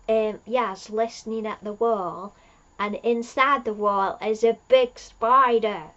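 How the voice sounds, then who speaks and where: Slow-talking chatty woman. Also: mid-range voice, a bit bright, muffled recording. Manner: rambling, chatty, laughs at own jokes. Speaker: fan reviewer. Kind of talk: casual episode recap.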